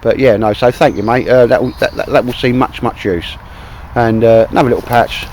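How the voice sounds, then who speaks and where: A man's voice: medium pitch, brisk, a little mellow, a little hiss or hum, rough recording. A man with a Cockney accent chatting casually to camera outdoors in a wet wood, rambling and calling his mate "mate". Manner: rambling, chummy, keeps saying "mate". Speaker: outdoor vlogger.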